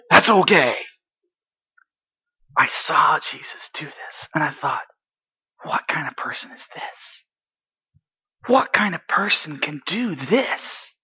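A man's voice: high-pitched, exaggerated voice. A man playing Sammy, an eager Galilean boy. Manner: excitable, chatty, drops to hushed asides. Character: eager eight-year-old boy from Galilee. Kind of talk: dramatic first-person monologue. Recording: dull lo-fi recording.

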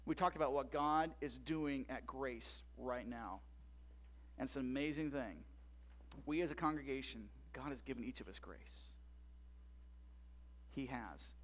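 In an unhurried mid-range voice with long pauses, a man preaches as pastor, animated and prone to loud, rising emphasis. He mixes in soft asides and regularly checks in with the congregation through tag questions.

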